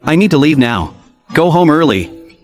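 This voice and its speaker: A possessive young company president in a dubbed drama. His voice sits fairly high and his intonation is lively, and every line comes out curt and commanding. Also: moderate pace, soft background music. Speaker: boss Alexander.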